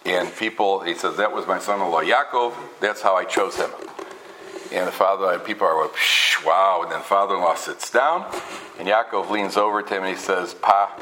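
A man telling humorous stories in a sermon, animated and full of restarts, peppering his talk with Hebrew and Yiddish terms. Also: sits low, brisk, a little hiss or hum, low-quality recording. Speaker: rabbi giving a talk. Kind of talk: storytelling sermon.

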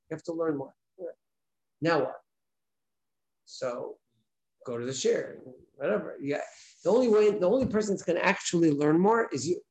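This rabbi's voice runs on the high side with a darkish tone, and the audio is poor. He gives his daily class an informal spoken lesson, chatting along, circling back to his points and posing rhetorical questions.

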